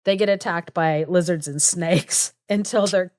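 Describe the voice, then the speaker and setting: A woman's voice: fairly low pitch, unhurried, darkish tone, dry recording, clean studio sound. A young woman co-hosting a podcast, casually retelling a fairy tale with lots of "like" and small laughs. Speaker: podcast co-host. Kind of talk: casual storytelling chat.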